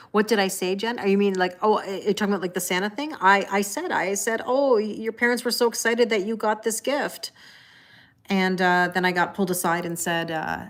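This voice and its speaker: Chatty middle-aged woman, slightly low voice. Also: a bit bright. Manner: chatty, laughs often, repeats phrases. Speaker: tarot reader livestream host. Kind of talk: casual livestream chat reading comments.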